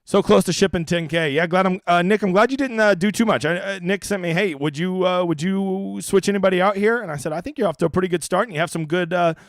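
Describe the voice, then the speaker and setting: A man's voice: sits high, quick pace, few pauses, no echo, studio quality. A man hosting a casual livestream, answering chat with profane jokes and lots of rambling fillers.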